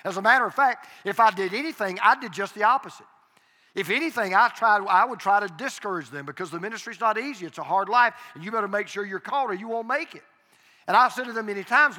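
A man's voice: high voice, fast, sharp tone. An older man, a pastor, preaching a sermon in a church with earnest, confessional storytelling and emphatic repetition. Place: church sanctuary. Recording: long hall reverb.

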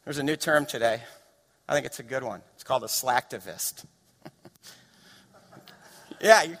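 A man preaching a sermon as pastor, storytelling and building to impassioned shouts. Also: mid-range voice, lively intonation, a little slow, long pauses. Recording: long reverb of a large hall.

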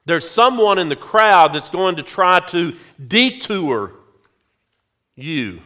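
A male pastor preaching a sermon, telling a story slowly and speaking directly to his congregation. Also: high voice, big pitch swings, bright, forceful tone. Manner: slow, drawn-out storytelling, addressing the congregation directly.

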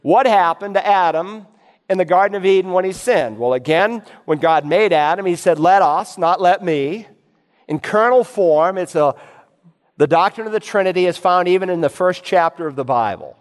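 A man delivers an expository sermon, reading scripture aloud and directing his listeners with emphatic, teacherly insistence. His voice sits high for a man. It rings out with a long reverb, as if filling a large church sanctuary. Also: moderate pace. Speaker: pastor.

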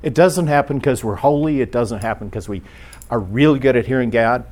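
A man's voice: medium pitch, fairly quick, darkish tone. Brief: middle-aged male pastor, informal teaching, chatty delivery with acted-out quotes. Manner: conversational, acts out short quoted exchanges.

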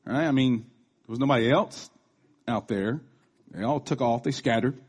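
A man's voice: mid-range voice, moderate pace, darkish tone, slightly rough. A man in his thirties giving a casual, conversational sermon, chatty, with restarts and asides. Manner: acts out quoted voices. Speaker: preacher.

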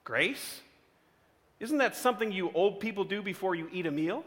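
A man's voice: sits high, expressive, moderate pace, fairly bright tone, big-room sound, pitched above the performer's own voice. A man voicing a brash, defiant young schoolboy in a sermon story. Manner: sneering, brash.

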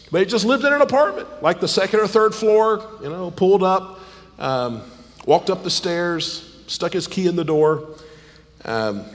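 A slightly hoarse man preaching a sermon, rising to high, emphatic stresses and dropping low and quiet. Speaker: pastor. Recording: long hall reverb.

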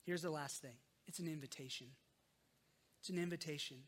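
A pastor delivers an earnest sermon in a notably high voice for a man. He presses his points with emphasis, then sinks into soft, unhurried pauses.

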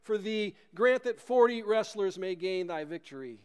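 Fervent soldiers' prayer, read by a preacher, high and smooth. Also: male voice, lively intonation, moderate pace, darkish tone. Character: group of devout Christian soldiers praying.

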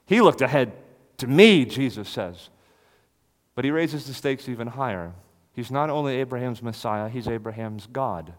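A man preaching an expository sermon, swinging from loud declaration to hushed near-whisper. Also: mid-range voice, expressive, normal speed, in a large hall.

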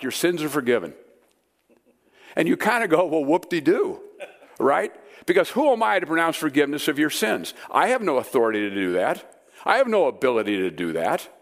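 A man preaching a sermon to a live audience in a room, conversational and emphatic. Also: medium pitch. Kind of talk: sermon teaching.

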